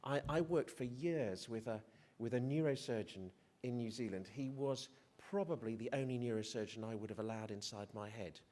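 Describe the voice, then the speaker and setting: Middle-aged male doctor at a conference podium, unscripted and mid-pitched, who often restarts and jokes at his own expense. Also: normal speed, a little mellow. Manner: hesitant, restarts, self-deprecating humour. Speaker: physician speaker. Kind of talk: conference presentation. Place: conference hall.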